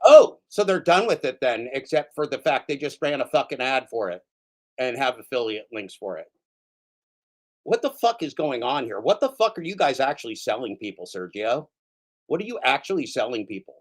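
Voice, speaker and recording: A man's voice: medium pitch, sing-song, moderate pace. A man ranting angrily and profanely in commentary, repeating himself and mocking the people he calls out.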